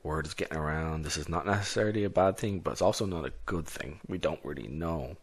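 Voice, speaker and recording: A man's voice: rumbling low, quick pace, breathy edge. A man narrating a solo tabletop game in a casual, rambling way. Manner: casual, rambling, many restarts.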